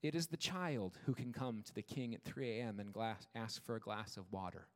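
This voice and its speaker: Earnest male pastor in echoing hall. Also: lowish voice. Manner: measured, earnest preaching with slowed emphasis on repeated words. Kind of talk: sermon. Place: church sanctuary. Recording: long reverb of a church hall.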